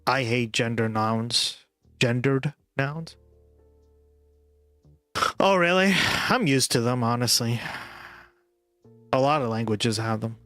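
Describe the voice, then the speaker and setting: A man's voice: mid-range voice, slow, long pauses, a bit bright, no echo. A man livestreaming and chatting casually with viewers, rambling and full of "like" and "right?", with faint music behind him.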